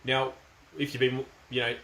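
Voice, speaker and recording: Australian man, middle-aged, casual monologue, firm, emphatic, mid-pitched voice, roomy echo. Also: level tone, moderate pace, sharp tone, slight background noise. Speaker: commentator. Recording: echoey room.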